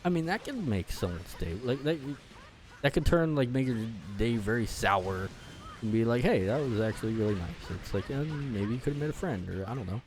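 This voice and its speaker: A man's voice: medium pitch, lively intonation, moderate pace, faint music behind. A man giving casual gameplay commentary, rambling with lots of fillers and restarts and swearing freely as he rants. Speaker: gaming channel host.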